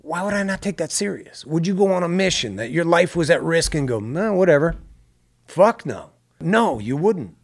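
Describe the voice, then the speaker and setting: Guy telling a story, animated, swears a lot, acts out quotes. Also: fairly high pitch, moderate pace. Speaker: guest filmmaker. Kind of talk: casual storytelling.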